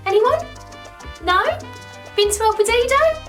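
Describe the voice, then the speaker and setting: Brief: a woman putting on a squealing, over-bright Essex holiday rep, gushing forced cheer, set back from the mic with light music. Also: extremely high pitch, animated, a little slow, far from the mic, voice pushed up, heavily acted. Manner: gushing, forced cheer covering bad news.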